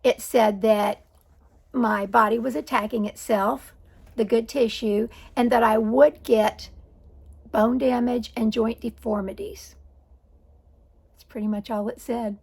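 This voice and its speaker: An older woman in her sixties telling a personal story with a gravelly, husky voice pitched a little high. She speaks conversationally and with dry wit, often stopping to correct herself. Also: fairly even intonation, a little slow, pauses often, darkish tone. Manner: conversational, self-correcting, wry. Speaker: vlogger.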